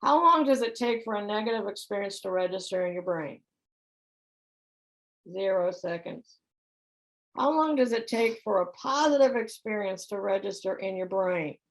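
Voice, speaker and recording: A woman's voice: medium pitch, lively intonation, moderate pace, low-quality recording. A middle-aged woman giving a conversational talk about relationships, often putting questions to her audience. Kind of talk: spiritual center talk.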